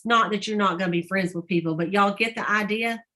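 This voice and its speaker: A woman's voice: mid-range voice, brisk, sharp tone. A middle-aged woman, chatting casually to her sales team and retelling stories with quoted voices and laughter. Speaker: sales team leader on a group call. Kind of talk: casual storytelling to a team call.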